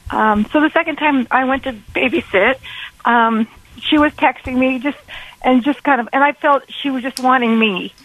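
A woman's voice: high voice, no room sound, narrow, tinny audio. Tearful, hesitant woman caller on the phone. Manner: hesitant, many pauses and fillers. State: fighting back tears. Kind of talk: call-in radio conversation. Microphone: telephone call.

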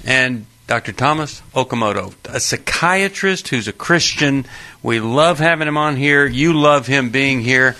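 A man's voice: mid-range voice, a little slow, bright, forceful tone. A man hosting a call-in radio show, talking in a casual, friendly way.

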